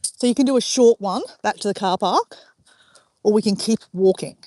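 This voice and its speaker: A middle-aged Australian vlogger talks to her viewers while walking an outdoor track beside a river. Her voice is medium in pitch and somewhat dark, at a normal speed, and she chats and rambles casually as she goes.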